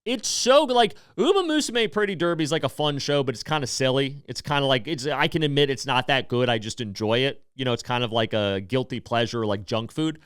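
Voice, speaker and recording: A man in his thirties hosting a podcast, talking in a rambling, animated way with swearing and emotional swings. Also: medium pitch, a little fast, hardly any pauses, smooth, no room sound, clean studio sound. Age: 30s. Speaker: podcast host. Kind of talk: casual comedic monologue.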